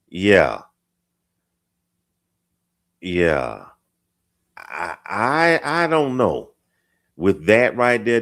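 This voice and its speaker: Slow, deep-voiced man hosting a live chat. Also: vocal fry. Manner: slow, drawn-out, repeats phrases while reading comments. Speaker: host of a live chat show. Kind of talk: casual live-stream chat reading viewer comments.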